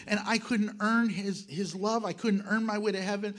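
A man preaching a sermon, animated, acting out quoted voices and swinging between loud and soft. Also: high voice, moderate pace, few pauses. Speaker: pastor.

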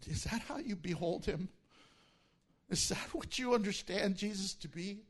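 A male pastor preaching a sermon, animated and acting out the disciples' voices as he tells the story. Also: sits high, moderate pace, husky.

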